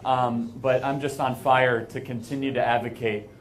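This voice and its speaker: A man's voice: mid-range voice, little pitch movement, normal speed, slight background noise. An American man speaking as a guest speaker to a live audience, earnest and emphatic, with frequent fillers and restarts.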